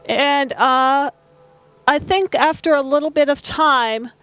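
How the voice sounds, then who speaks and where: A woman's voice: sits high, slow pace, fairly bright tone, no room sound, low-quality recording. A woman recounting a ghost-hunting night in a casual, rambling way, correcting herself as she goes. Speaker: ghost hunter filming. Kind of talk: storytelling to an audience.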